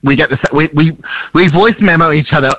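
An excitable man who laughs often, telling a story as a guest on a radio show. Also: a little high, brisk, muffled recording, slight background noise. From Australia. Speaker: guest singer. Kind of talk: radio chat.

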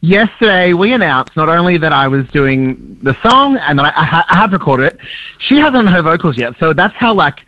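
An Australian man who speaks as a radio guest, full of laughter and animated storytelling. His voice is fairly high and swoops up and down a lot. The studio sound is dry and close. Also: normal speed, dry recording, muffled recording. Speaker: guest musician. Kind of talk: casual radio chat.

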